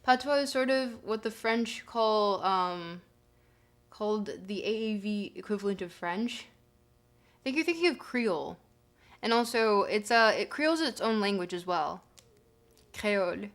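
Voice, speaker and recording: A woman's voice: medium pitch, lively intonation, a little slow. A young woman streaming live, chatting casually and joking as she reads her chat aloud.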